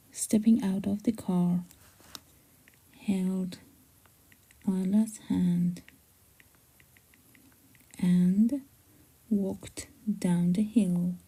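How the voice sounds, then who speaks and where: A woman novelist reading her draft aloud on a livestream, soft and often whispered, stopping to fix her wording. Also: lowish voice, gravelly, breathy edge, low-quality recording.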